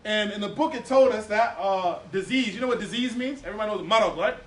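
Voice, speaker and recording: A man teaching a lively religious class to a live audience, animated and playful, repeating words for emphasis and quizzing his listeners. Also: high-pitched, fast. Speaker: Islamic teacher giving a class. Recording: echoey room, voice from a distance.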